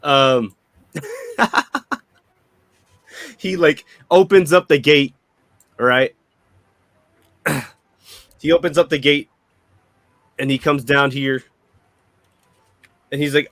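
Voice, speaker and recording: Young male dungeon master, loose and rambling, higher voice, dry recording. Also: extremely slow, pauses often, a bit bright, no room sound. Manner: rambling, repeats and restarts while describing. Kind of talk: narrating a tabletop game.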